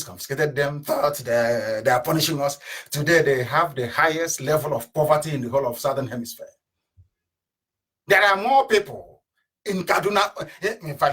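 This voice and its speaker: A man giving an impassioned political radio address, with rhetorical questions and sudden bursts of shouting. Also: a little high, husky. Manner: fiery, rhetorical, mocking laughter, sudden shouts and drops. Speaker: radio broadcaster. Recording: live internet radio broadcast.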